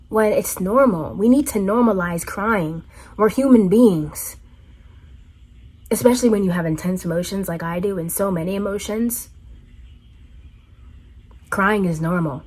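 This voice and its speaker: A woman's voice: medium pitch, measured pace, long pauses, darkish tone, slightly rough. A woman vlogger talking in an earnest, heartfelt way, repeating phrases for emphasis. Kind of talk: reflective personal monologue.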